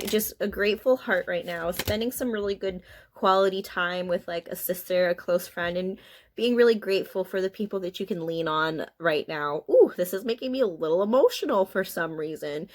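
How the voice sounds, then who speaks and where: A woman's voice: medium pitch, brisk. A woman giving a casual spiritual card reading to her viewers, chatty and emotional, laughing often as she talks. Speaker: tarot card reader.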